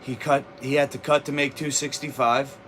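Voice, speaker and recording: A man's voice: mid-range voice, flat delivery, moderate pace, fairly bright tone, a little hiss or hum. A man streaming live from a home kitchen, talking back to his chat with brash, combative trash talk as a martial arts fighter.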